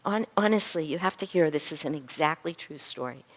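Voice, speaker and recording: Lively storytelling woman, lower voice. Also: a little fast. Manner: animated storyteller who acts out dialogue. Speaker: physician and spiritual teacher. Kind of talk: storytelling lecture to a class.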